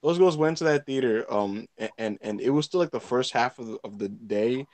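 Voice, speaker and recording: A man's voice: medium pitch, fairly quick. A young man hosting a casual comedy chat, telling stories animatedly and acting out what people said. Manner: animated storyteller, acts out quotes, laughs loudly. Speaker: podcast host.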